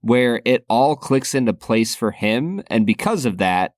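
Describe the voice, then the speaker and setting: A man co-hosts a relaxed film podcast, earnest and thoughtful, with a laugh never far away. His pitch sits in the middle range. The sound is dry and close, with no room around it. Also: measured pace, dry recording. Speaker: podcast co-host. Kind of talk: casual film discussion.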